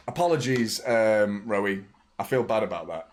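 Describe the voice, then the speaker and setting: Excitable sweary football fan. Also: male voice, fairly low pitch, normal speed, slight background noise. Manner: chatty with viewers' messages. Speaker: football watchalong host. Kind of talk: live match watchalong commentary.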